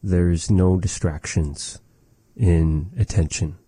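A man giving a relaxed spoken language lesson, measured and thoughtful, with many pauses and fillers. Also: deep voice, slightly rough, no echo. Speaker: language teacher.

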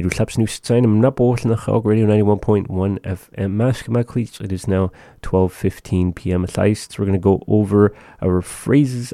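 Male radio host, very deep and very dark voice, dry studio mic, patient phrase-by-phrase teaching. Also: no echo. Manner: slow, careful repetition of phrases. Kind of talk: casual radio talk with language lesson.

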